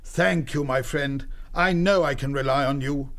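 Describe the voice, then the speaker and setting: A man playing a mild, kindly elderly male abbot creature in a full-cast audiobook, talking in an easygoing, unhurried way. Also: medium pitch, fairly bright tone.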